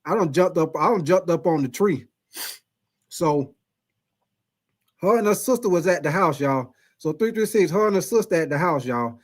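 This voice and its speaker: A man's voice: on the high side, expressive, normal speed, pauses often. A man telling a funny personal story to his live stream chat, repeating himself and laughing often.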